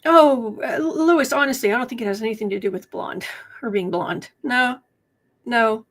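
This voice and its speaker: A woman's voice: on the high side, moderate pace. A woman doing casual livestream commentary as a tarot reader and political commentator, chatty and sardonic, reading viewer comments aloud.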